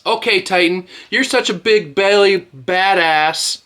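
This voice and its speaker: A man's voice: high voice, moderate pace, bright, forceful tone. A man in his thirties ranting to camera as a street racing vlogger, mocking and trash-talking with lots of swearing.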